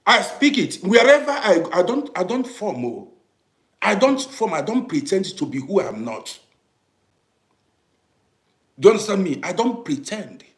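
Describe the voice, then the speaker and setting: An African man with an African English accent hosts a livestream, speaking emphatically to viewers and repeatedly asking "do you understand me." His high-pitched, very animated voice moves at a measured pace with long pauses, swinging from quiet to loud bursts in a roomy-sounding space.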